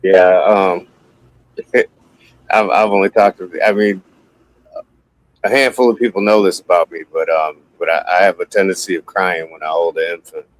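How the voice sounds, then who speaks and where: A man co-hosting a podcast, speaking earnestly in halting phrases that repeat words and often add "man". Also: deep voice, steady tone, no echo, rough recording. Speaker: podcast co-host. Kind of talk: casual podcast chat.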